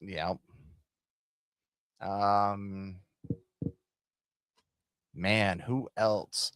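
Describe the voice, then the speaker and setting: A lower-voiced man joining a casual wrestling podcast, mostly offering short, easygoing replies. He is recorded dry and close, with no room echo. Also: fairly even intonation, extremely slow, fairly bright tone, clear, resonant tone. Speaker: podcast co-host.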